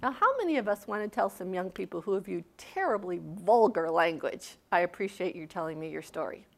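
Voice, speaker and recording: A woman's voice: fairly low pitch, lively intonation, fairly quick, gravelly. A woman leading a seminar workshop, talking conversationally and retelling a story with quoted dialogue. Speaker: seminar speaker. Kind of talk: seminar talk with a workshop exercise. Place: seminar room.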